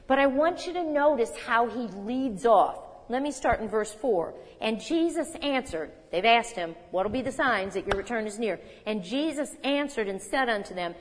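Animated older woman Bible teacher. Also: on the high side. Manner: conversational, animated, quotes scripture with emphasis. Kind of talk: sermon. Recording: long hall reverb.

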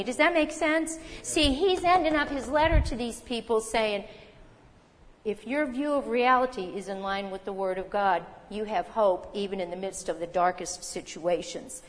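A woman delivers a sermon in an earnest, emphatic way, turning to the congregation with rhetorical questions. Her voice sits a little high, and a long reverb trails behind it as it rings through a large hall. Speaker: preacher.

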